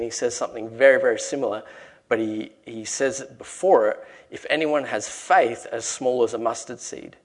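A man preaches in a casual, storytelling way, now and then lifting his voice to act out the lines of the people in his story. His voice sits at an ordinary middle pitch, and he speaks plainly to the congregation. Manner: conversational storytelling, acts out quoted lines. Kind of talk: sermon.

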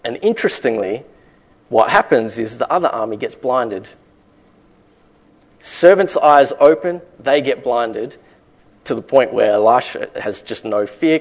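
Brief: male preacher, middle pitch, emphatic sermon delivery with rhetorical questions. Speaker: pastor.

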